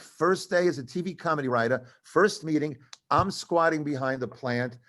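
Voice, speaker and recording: Older man telling lively stories. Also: on the high side, moderate pace. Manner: animated, acts out other people's voices in quotes. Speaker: comedy writer telling stories to an audience. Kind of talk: live storytelling talk. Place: cultural center venue, live event.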